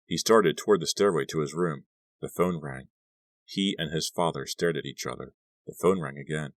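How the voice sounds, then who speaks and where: Male narrator, very deep voice, steady measured read, dry close sound. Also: no room sound. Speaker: audiobook narrator. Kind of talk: scripted narration.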